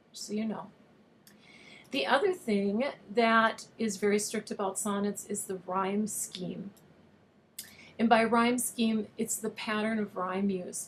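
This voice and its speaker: A woman teacher talks through a recorded video lesson in a patient, explanatory way. Her pitch sits in an ordinary middle range. A faint hiss of background noise runs under her voice. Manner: patient, explanatory, reads verse with overstressed rhythm. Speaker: online high school teacher.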